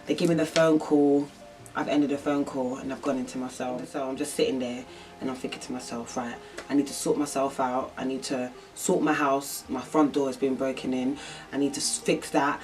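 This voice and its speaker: A woman's voice: a bass voice, flat delivery, a little fast, darkish tone, distant mic, faint music behind. A young woman telling a personal story in a vlog, rambling and emotional with lots of fillers. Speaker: vlogger.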